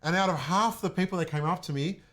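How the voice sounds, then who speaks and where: A young man from Australia, telling an excited story in a casual chat and acting out what people said. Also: sits high, fast talker. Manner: excited, animated, acts out quotes. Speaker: guest, music producer.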